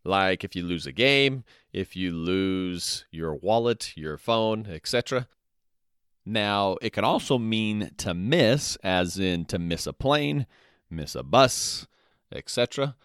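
A man's voice: deep voice, animated, fairly bright tone, clear, resonant tone, dry recording, studio quality. A man hosting a podcast Spanish lesson, saying each phrase twice with its translation and checking in with "okay?". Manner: slow, repetitive, spells out phrases twice with translations; checks in with "okay?" and "all right". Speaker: Spanish teacher, podcast host.

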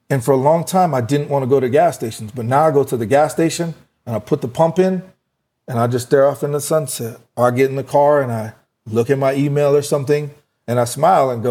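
A man's voice: medium pitch, quick pace, warm tone. A man in casual conversation, earnestly telling a personal story and acting out the dialogue he quotes.

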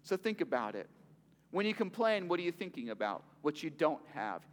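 A pastor preaches in a conversational way, leaning on rhetorical questions. His voice sits high for a man and moves with lively swings in pitch. The sound carries a long reverb from a big hall. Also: moderate pace. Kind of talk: sermon.

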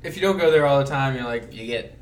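A man's voice: medium pitch, quick pace. A young man tells his week's stories to friends in a loose, rambling way, laughing as he goes. He sits back from the microphone, so his voice sounds distant with a roomy echo. A faint hum of ambience sits under him. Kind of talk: casual chat with friends. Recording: echoey room, off-mic.

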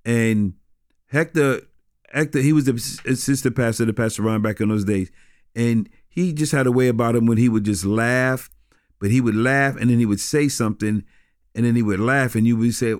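Halting, laughing pastor man. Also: medium pitch, darkish tone, no room sound, studio quality. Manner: halting, repeats words, laughs often. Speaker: pastor and guest. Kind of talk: casual conversational interview.

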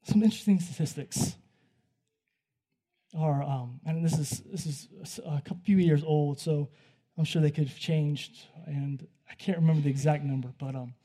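A man delivers a sermon in an easy, conversational manner, as if talking to friends. His voice sits slightly high, with a warm, mellow tone and a husky, breathy edge. He drops to near-hushed passages and then rises to loud, excited ones. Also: moderate pace. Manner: conversational, animated storytelling that swings from hushed to loud. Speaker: preacher. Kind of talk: sermon with storytelling.

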